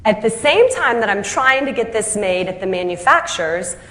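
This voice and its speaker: A woman who founded her business tells her story in a lively, self-deprecating speech. She does the voices of people she quotes and laughs at her own punchlines, with a medium pitch and moderate pace.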